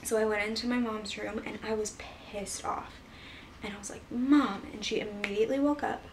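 Flat-voiced woman telling a story. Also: mid-range voice, brisk. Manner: rambling, filler-heavy retelling. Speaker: vlogger. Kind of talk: casual storytelling. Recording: voice a bit far from mic, faint background hiss.

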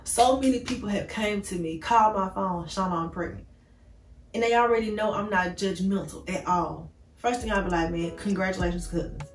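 A woman's voice: mid-range voice, a little fast, hardly any pauses, roomy sound, far from the mic, a little hiss or hum. A woman vlogger telling an emotional storytime, candid and rambling, speaking straight to her viewers. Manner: talks straight to viewers as "y'all".

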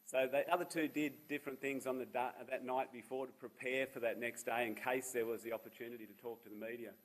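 Fast and flat in delivery, this medium-pitched man speaks with an Australian accent and is in his fifties. The recording is rough. He is a charity founder at a seminar, joking at his own expense as he recounts personal stories.

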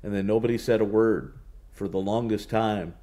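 A man, a horse racing announcer, telling stories in a relaxed interview, with many restarts and fillers. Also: on the low side, normal speed. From United States. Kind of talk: casual interview talk.

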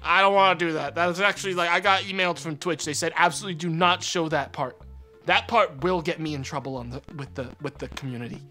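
A man's voice: fairly high pitch, quick pace, sharp tone. A young man streaming a kids' game, sarcastic and profane, mocking the characters. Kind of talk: casual let's-play commentary. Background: game music.

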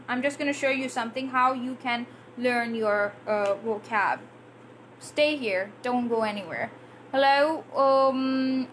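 In a live lesson, a female English teacher with a high, fairly bright voice chats through viewer questions, reading comments aloud and answering them. She demonstrates pronunciation by exaggerating words, and there's a faint hiss or hum.

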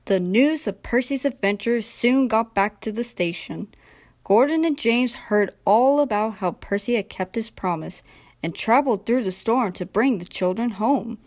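A young woman narrating a children's train storybook in a gentle, expressive read-aloud manner. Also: a little high, moderate pace. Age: young adult. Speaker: storybook reader.

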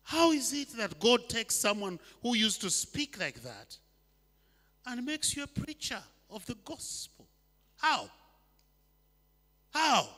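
A man in his sixties from Uganda preaching a sermon, swinging between loud urgent lines and soft slow ones. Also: extremely high pitch, very animated. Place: church hall. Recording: long hall reverb.

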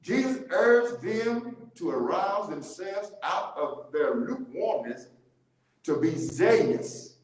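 Guy teaching bible study, high voice, slow and deliberate, laughs a lot, super echoey church room. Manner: animated, laughing often, repeating key words.

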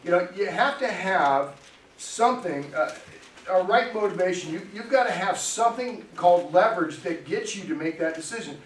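A man's voice: sits high, expressive, moderate pace. A middle-aged man, a pastor, preaching a sermon in a chatty, storytelling way with frequent laughs, in a church sanctuary. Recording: echoey church hall, distant mic, faint noise.

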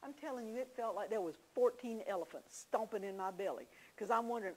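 A woman's voice: medium pitch, fast talker, rough recording. A woman teaching a church class, telling homey stories with confiding asides. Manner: folksy storytelling, confiding asides.

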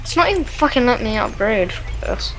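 A man's voice: very high-pitched, sing-song, a little fast, fairly bright tone, soft background music, low-quality recording. A man from the UK chatting crudely and giggling while gaming over voice chat. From United Kingdom. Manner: giggly, crude, trash-talking. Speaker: co-op gaming partner. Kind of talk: casual gameplay chat.

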